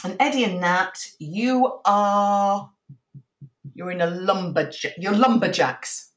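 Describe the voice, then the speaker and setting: A woman's voice: medium pitch, takes it slowly, roomy sound. A woman hosting an improv show, casually explaining a game to the players with fillers.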